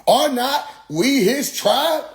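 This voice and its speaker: A man putting on the voice of a pushy, preachy male book seller who asks drawn-out, sermonizing questions. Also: very high voice, lively intonation, creaky, roomy sound, pitched above the performer's own voice, heavily acted.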